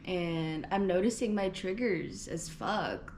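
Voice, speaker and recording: A woman's voice: fairly low pitch, slow, hardly any pauses, darkish tone, slight background noise. A woman in her twenties telling a candid personal story in a vlog from a hotel room, bluntly and with frequent swearing. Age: 20s. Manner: blunt, swears freely, lots of "like". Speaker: vlogger.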